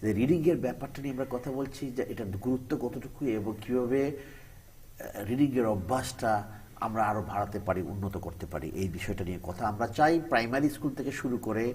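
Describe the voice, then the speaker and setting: Guy hosting a tv panel, talks super fast, kinda far from the mic. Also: medium pitch, a little hiss or hum. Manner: rapid, mixes Bengali and English, affirming interjections. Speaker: TV education show host. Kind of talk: studio panel talk show hosting.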